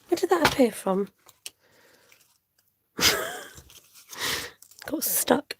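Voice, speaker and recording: A woman's voice: high voice, huge pitch swings, takes it slowly, creaky, pauses often, a little hiss or hum. A woman hosting a live crafting stream, thinking aloud, humming and chatting with viewers.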